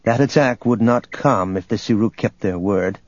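A man narrating a novel in a steady, even storytelling manner, recorded as a dull lo-fi audiobook. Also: fairly low pitch, moderate pace, dry recording. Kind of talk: scripted narration.

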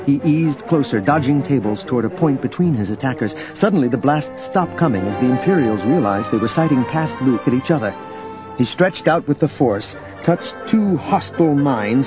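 A man reading a story aloud as narrator, in a steady, measured way. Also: medium pitch. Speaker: audiobook narrator. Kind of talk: scripted narration. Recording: dull lo-fi recording, faint music.

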